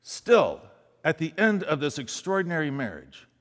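A man's voice: on the high side, sing-song, moderate pace, a bit bright. A man preaching a sermon as a pastor, telling a story and acting out the voices of the people in it. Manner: storytelling, acts out quoted speech. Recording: long hall reverb.

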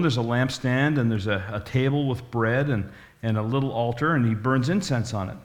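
A man in his sixties, a pastor telling stories in a folksy, rambling sermon. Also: mid-range voice. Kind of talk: storytelling sermon.

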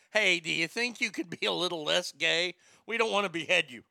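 A man's voice: high-pitched, gravelly, sharp tone, no room sound, studio quality. A man hosting a comedic talk show, laughing often and stammering as he jokes crudely. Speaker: radio show host.

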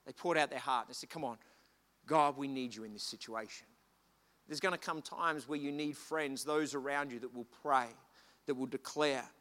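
A man preaches a sermon in a high, bright voice, telling stories with animation and rising to shouts. His voice rings through a church hall with a long reverb tail. Soft music sits faintly behind him. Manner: animated storytelling, shouting at peaks.

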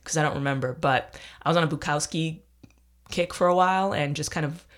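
Solo podcast host and comedian, mid-pitched, rambling and profane, self-deprecating, restarts a lot. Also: brisk, a bit bright. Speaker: stand-up comedian. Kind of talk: casual rambling podcast monologue.

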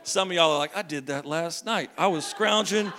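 Bright, high-voiced male preacher; animated, joking sermon delivery. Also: moderate pace, slight background noise. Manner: lively storytelling, jokes with the congregation, shouts at times.

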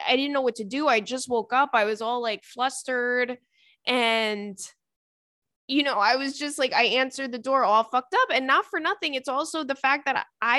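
Chatty bright-voiced woman host. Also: on the high side, dry recording, studio quality. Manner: chatty, swearing, lots of fillers and laughs. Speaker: podcast host. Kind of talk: casual chat, reading listener emails.

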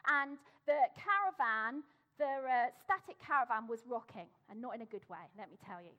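A woman's voice: fairly high pitch, animated, normal speed, dull audio. A middle-aged woman preaching a sermon, emphatic and repeating her phrases for effect.

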